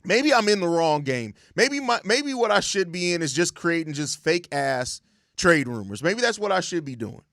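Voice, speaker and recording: A man's voice: high voice, very animated, moderate pace, fairly bright tone, no echo, clean studio sound. A young man hosting a sports show, ranting in exasperated, profane casual commentary and repeating himself. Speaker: sports podcast host.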